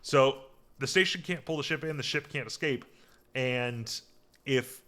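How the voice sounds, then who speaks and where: A man's voice: medium pitch, a little slow, a bit bright. A man hosting a podcast, casually recapping a TV episode in a rambling way, full of fillers and restarts. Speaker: podcast host.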